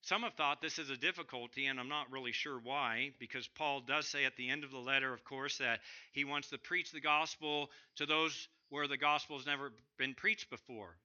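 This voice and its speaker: A man preaching a sermon to his church, swinging between loud emphatic bursts and quiet drops. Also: mid-range voice, steady tone, moderate pace, hardly any pauses, muffled recording. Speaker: pastor.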